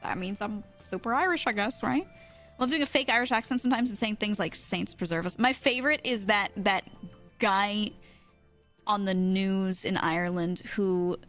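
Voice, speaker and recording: A woman's voice: medium pitch, fairly bright tone. An American woman streamer telling a story in casual chat, rambling with lots of fillers and frequent laughter.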